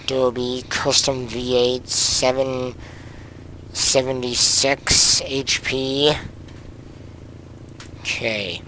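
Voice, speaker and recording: A man's voice: medium pitch, flat delivery, extremely slow, long pauses, bright, forceful tone, a little hiss or hum, rough recording. A young man narrating a car-crash video game casually, rambling with many ums and giggles, and he has the hiccups. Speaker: gaming channel host. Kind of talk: casual gameplay commentary.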